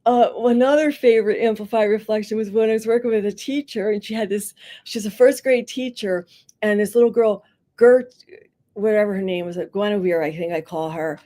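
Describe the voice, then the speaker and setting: A middle-aged woman, a school psychologist, explaining counseling techniques in conversation and acting out quotes as she tells anecdotes. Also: mid-range voice. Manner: animated storytelling, acts out voices in quotes. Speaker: school psychologist and podcast guest.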